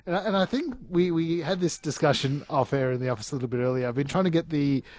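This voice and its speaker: A man's voice: a little high, fast, a little mellow, no room sound. A young man co-hosting a radio show, talking in a jokey, rambling way and often restarting his sentences. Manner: rambling, self-interrupting, jokey. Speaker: radio co-host. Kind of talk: casual radio chat.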